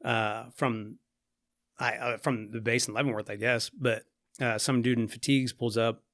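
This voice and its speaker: A man's voice: medium pitch, steady tone, moderate pace, fairly bright tone, dry recording, studio quality. A man guest on a podcast, telling a story in a rambling casual way, full of fillers and swearing. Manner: rambling, profanity-laced, full of "like" and "you know".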